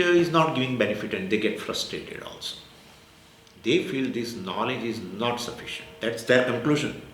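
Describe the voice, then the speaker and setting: A man's voice: medium pitch, a bit bright. A man with an Indian English accent giving a spiritual discourse as a Vedanta teacher, explaining in short repeated phrases with Sanskrit terms. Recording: echoey room with faint ambient noise.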